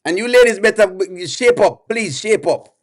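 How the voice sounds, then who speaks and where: A man's voice: high-pitched, animated, normal speed. A man reacting on a live stream, exasperated and pleading with his chat, repeating himself over and over.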